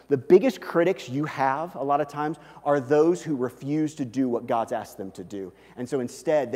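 A man's voice: fairly high pitch, a little mellow, in a large hall. A male pastor preaching a sermon in a conversational way, often checking in with "okay?".

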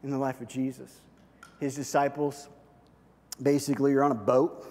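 A man preaching a sermon, retelling Bible stories in a lively, casual storytelling way. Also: mid-range voice, moderate pace, big-room sound. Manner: lively storytelling, acts out biblical quotes casually. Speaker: pastor.

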